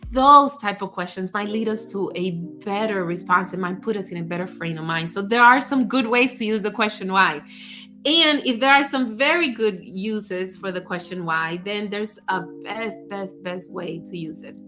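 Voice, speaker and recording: Lady coach chatting job advice, lively, plays out little quotes, music behind her. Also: medium pitch, normal speed. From United States. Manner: animated, acts out example phrases, laughs often. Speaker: career coach. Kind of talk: casual advice talk.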